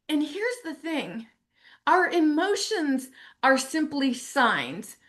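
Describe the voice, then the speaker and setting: A woman speaking as a spiritual teacher, telling a personal story in a casual, animated way and acting out her own inner voice. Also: high voice, slow. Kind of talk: casual personal reflection to camera.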